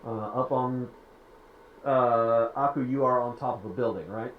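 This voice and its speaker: A man's voice: mid-range voice, measured pace, reverberant, phone-quality sound, a little hiss or hum. A man running a tabletop game as game master, narrating with frequent hesitations. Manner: hesitant, filler-heavy narration.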